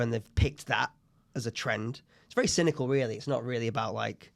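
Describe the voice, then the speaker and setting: A man's voice: mid-range voice, brisk, creaky. A man in his thirties co-hosting a podcast, chatting casually and telling anecdotes. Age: 30s. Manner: chatty, tells anecdotes, puts on voices in quotes. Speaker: podcast co-host. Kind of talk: casual chat.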